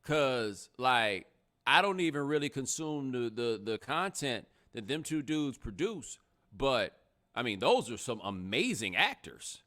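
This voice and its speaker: A man hosting a casual livestream podcast, talking in an animated, sarcastic way. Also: medium pitch, unhurried. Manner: animated, sarcastic, rising to loud exclamations. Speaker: podcast host.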